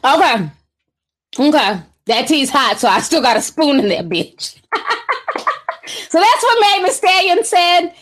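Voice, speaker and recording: A woman's voice: high voice, sing-song, unhurried, long pauses, a bit bright. A woman hosting a casual livestream of gossip commentary, sassy and slangy, often laughing as she talks.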